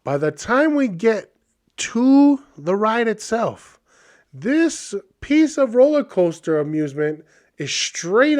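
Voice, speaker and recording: Speaking slowly in a high-sitting voice, a Hawaiian man in his thirties hosts a podcast and spins a casual story. His delivery is animated and chatty, full of fillers.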